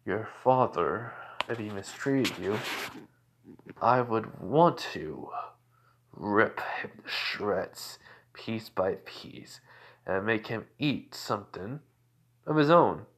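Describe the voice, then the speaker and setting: An immortal fourteen-year-old boy with a calm, measured way of speaking that turns quietly threatening, as a man reads him out. The delivery is slow and unhurried, sitting low in pitch, like a fan-made storybook telling. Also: heavily acted. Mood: menacing.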